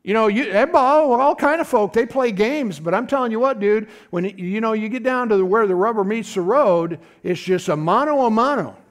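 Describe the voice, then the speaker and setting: A man's voice: sits high, expressive, a little fast, hardly any pauses. A middle-aged man preaching a folksy, conversational sermon, often calling out to his congregation.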